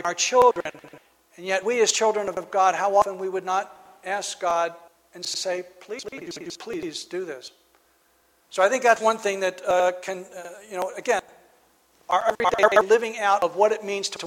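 His voice high and a bit bright, a preacher thinks aloud through a reflective sermon, halting often to restart phrases. The sound carries a long reverb, suggesting a big hall.

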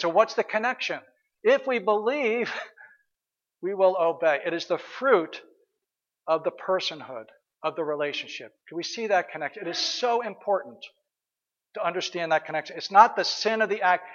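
A man's voice: high-pitched, a bit bright, dull audio. A man preaching a sermon as pastor, earnest and questioning, sometimes hesitating and restarting.

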